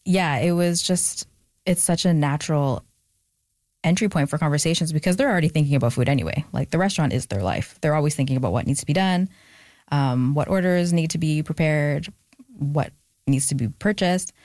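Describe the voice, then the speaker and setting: A woman's voice: sits low, fairly quick, darkish tone, no echo. A young adult woman, an author being interviewed, talking reflectively with frequent fillers and restarts. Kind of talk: candid conversational interview.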